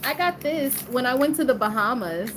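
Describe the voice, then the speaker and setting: A woman's voice: high voice, lively intonation, moderate pace, background noise. A woman in her twenties casually telling a story to the camera, laughing often and acting out the voices of the people in it. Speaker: vlogger.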